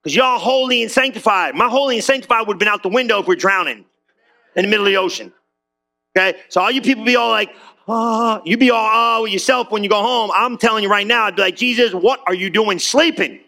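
A man preaching to his church in a lively, conversational way, mixing slang with questions to the crowd. His voice sits high and bright, with a gravelly edge. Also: fast. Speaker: pastor. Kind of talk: sermon.

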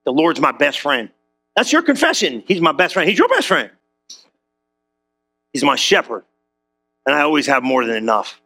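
A high-pitched, gravelly male pastor preaching with bright, forceful energy. Middle-aged, he jokes and keeps calling out to the congregation. His delivery is animated and playful. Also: normal speed, pauses often, soft background music. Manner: animated, joking, calls out to the congregation. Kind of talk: sermon.

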